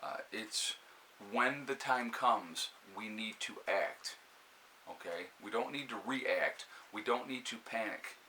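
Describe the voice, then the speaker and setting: A man with a New York accent, hosting a casual live stream and giving steady, calm advice with plenty of fillers and restarts. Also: mid-range voice, slow, a little hiss or hum, poor audio. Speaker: prepper channel host. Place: indoors by a fire, with a cat nearby.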